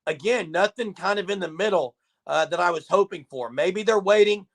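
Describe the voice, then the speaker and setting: A man's voice: sits high, normal speed. A man hosting a live sports talk show, chatting casually and reading viewer comments aloud. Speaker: podcast host.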